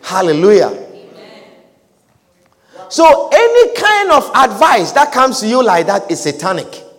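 Fervent high-voiced male preacher. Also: wildly swooping pitch, a little slow. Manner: fervent, repeats phrases for emphasis, at times shouting. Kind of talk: sermon. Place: church. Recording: long reverb of a large hall.

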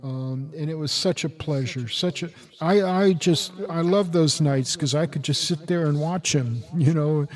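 An older man co-hosting a casual chat, rambling and halting with wry grumbles. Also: a little high. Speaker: musician and podcast co-host.

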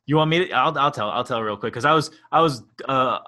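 A man's voice: mid-range voice, a little fast, pushed and bright. A man co-hosting a podcast in casual chat, telling rambling stories with frequent laughs and swearing. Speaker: podcast co-host.

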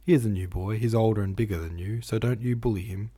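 A man voicing a big, boisterous and hearty male headmaster who talks loudly and jovially. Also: quick pace, husky. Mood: booming. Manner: loud, booming, jovial.

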